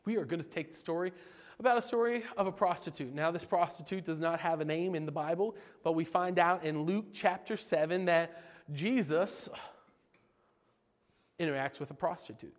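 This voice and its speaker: A man's voice: fairly high pitch, normal speed. A man preaching an informal, jokey sermon as a youth pastor, asking his listeners questions as he goes. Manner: animated, jokey, asks the audience questions. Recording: long reverb of a hall.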